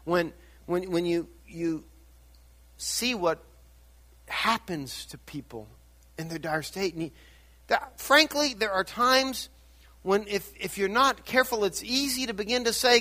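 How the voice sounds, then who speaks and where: Animated high-voiced older preacher. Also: male voice, measured pace, long pauses. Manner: dynamic preaching, swinging from hushed to shouted emphasis. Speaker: pastor. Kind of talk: sermon.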